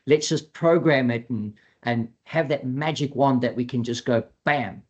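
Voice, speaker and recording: A man speaking as a dog trainer in a webinar presentation, talking in a chatty, animated way and acting out what clients and dogs might say. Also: medium pitch, measured pace, muffled recording.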